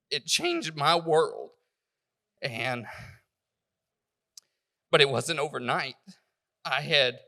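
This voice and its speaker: A man giving a personal church testimony, halting and emotional, stumbling over his words. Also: medium pitch, bright, forceful tone, long reverb tail.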